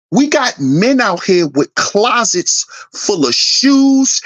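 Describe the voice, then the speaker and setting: Man, commentary host, ranting, preachy, emphatic, repeats himself, swears, lively up-and-down pitch. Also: slow, hardly any pauses, muffled recording.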